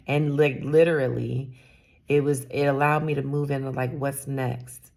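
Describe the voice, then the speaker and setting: Gravelly-voiced woman in her fifties. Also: extremely low pitch, fairly even intonation, normal speed, a little mellow. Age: 50s. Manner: candid, rambling, drops to a whisper at times. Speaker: salon owner. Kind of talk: personal reflective vlog.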